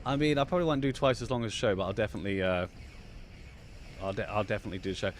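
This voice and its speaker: A man's voice: fairly low pitch, rapid-fire, a little hiss or hum. A man co-hosting a casual livestream show, chatty, often stumbling into restarts. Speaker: podcast co-host.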